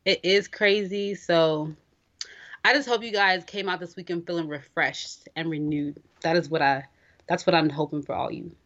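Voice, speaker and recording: A woman's voice: on the low side, steady tone, normal speed, a bit bright, muffled recording. A woman co-hosting a casual podcast, chatty and teasing, laughing often. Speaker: podcast co-host.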